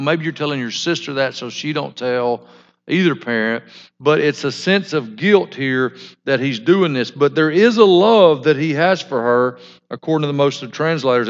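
A man leads a verse-by-verse Bible study, alternating between reading the text and talking it through. His delivery is relaxed and unpolished, full of restarts and pauses. The recording carries a long room echo and a muffled, lo-fi tone. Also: mid-range voice. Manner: unhurried, with frequent restarts and fillers between read passages. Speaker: Bible teacher. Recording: echoey room, dull lo-fi sound.

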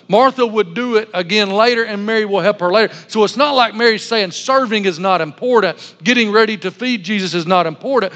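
A man's voice: sits high, fairly bright tone, lo-fi sound. A man pastor giving a sermon, telling stories in a humorous, self-deprecating way. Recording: long hall reverb.

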